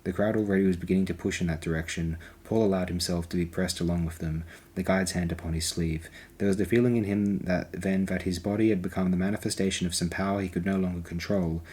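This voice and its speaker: A man narrating an audiobook at a slow, deliberate pace. His voice is very low and noticeably husky. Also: steady tone, a little mellow.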